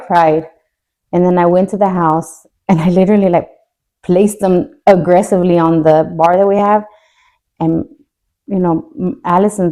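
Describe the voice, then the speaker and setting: A young adult woman speaks in a mellow, warm voice with no edge. She tells a hard family story candidly, joking to cope and dropping her voice when tears come close. The delivery is casual and unscripted. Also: fairly low pitch. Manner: candid, jokes to cope, voice drops when tearful. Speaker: podcast co-host.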